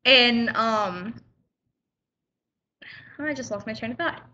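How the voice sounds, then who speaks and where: Indignant teen girl vlogging, bright voice. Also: on the high side, slow pace, dull audio. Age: teens. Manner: indignant, chatty retelling with quoted back-and-forth. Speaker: high school student vlogger. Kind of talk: casual vlog storytelling.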